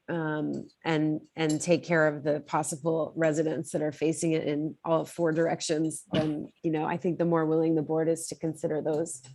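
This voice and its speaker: A woman with a very low, flat voice speaks haltingly in a committee meeting. The sound is close and dry. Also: no echo. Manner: halting, searching for words. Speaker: committee member. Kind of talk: meeting discussion. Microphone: video call.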